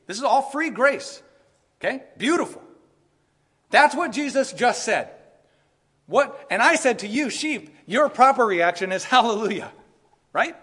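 Pastor guy preaching, pretty high voice, lots of emphatic pushes and laughs, big reverby hall. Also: breathy edge. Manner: animated preaching with bursts of laughter and emphatic rises. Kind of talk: sermon.

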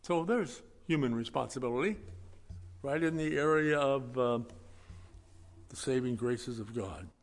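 A man preaching a sermon in a folksy, conversational way, swinging between loud stressed words and quiet asides. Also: medium pitch, expressive, unhurried, long pauses, in a large hall. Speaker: pastor.

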